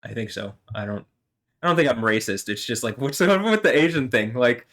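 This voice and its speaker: A man's voice: mid-range voice, lively intonation, a little fast, a bit bright. A man vlogging alone, talking in a meandering, heated way with lots of fillers and some swearing. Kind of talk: rambling solo monologue.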